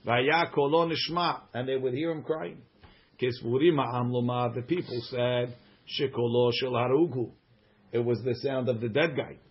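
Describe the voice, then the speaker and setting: A man's voice: mid-range voice, fairly even intonation, moderate pace, husky, dull audio. A man teaching a Gemara class, reading the text aloud and translating it with joking asides. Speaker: Talmud teacher.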